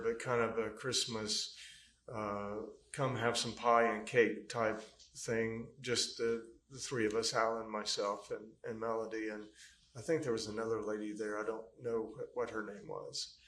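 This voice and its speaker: A man's voice: medium pitch, a bit bright. A man giving witness testimony in a courtroom, telling his account at length in a rambling, hesitant way full of fillers. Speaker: trial witness. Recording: echoey courtroom mic.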